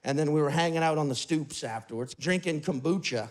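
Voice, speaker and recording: A man doing a profane, animated stand-up set in an apartment. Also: a little high, a little fast. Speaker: stand-up comedian. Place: apartment with live audience. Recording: live apartment crowd. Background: small audience laughing.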